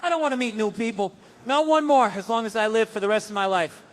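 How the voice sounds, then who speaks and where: A man doing stand-up in a raised, high-pitched register, ranting with sardonic exasperation. He switches into quick acted-out voices of the people in his stories between his grumbling complaints. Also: fairly bright tone. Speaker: stand-up comedian. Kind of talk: stand-up comedy set.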